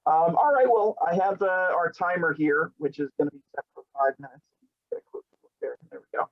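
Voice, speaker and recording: A man's voice: on the high side, lively intonation, a little fast. Chatty man on muffled lo-fi audio. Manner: chatty, jokey, talks with his mouth full. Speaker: show host. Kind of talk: casual on-camera chat during a spicy food challenge. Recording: dull lo-fi audio.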